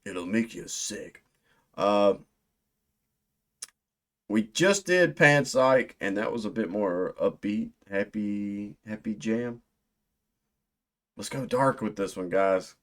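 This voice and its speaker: A man hosts a music reaction video with a fairly low, bright and sharp voice. He talks slowly and casually, joking around and bursting out loudly when excited. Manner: jokey, excitable, big swings in loudness.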